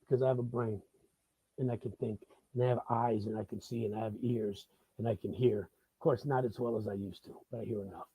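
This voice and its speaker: A man's voice: on the low side, steady tone, fairly quick, warm tone, breathy edge, dry recording. A middle-aged man from the Bronx with a New York accent, hosting a live talk-show monologue, swearing freely and repeating himself in heated bursts. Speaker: host.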